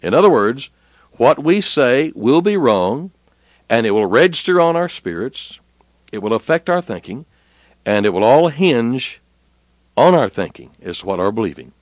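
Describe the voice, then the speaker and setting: A man preaching a sermon at a middle pitch, his voice swinging widely up and down. He lifts his voice and slows down as he quotes scripture. The sound is dry and close, with no room echo. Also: very animated. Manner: rises in pitch and slows down when quoting scripture.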